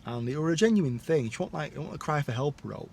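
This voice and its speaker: A man's voice: a little high, animated, fast talker, vocal fry, darkish tone, slight background noise. A man telling his own life story in a candid, rambling monologue, full of blunt asides and tag questions.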